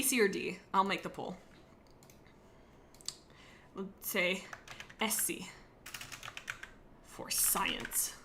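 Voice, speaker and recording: A woman with a bright, sharp voice talks in a loose, joking way, rambling from one thought to the next. She chats casually with her stream audience as the host. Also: medium pitch, a little hiss or hum. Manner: rambling and jokey, chatting to viewers. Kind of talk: casual live-stream chat.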